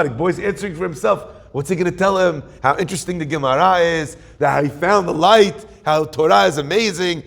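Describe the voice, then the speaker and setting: A man's voice: on the high side, vocal fry. A man, a rabbi, telling a story in a Torah class, acting out the dialogue of each character.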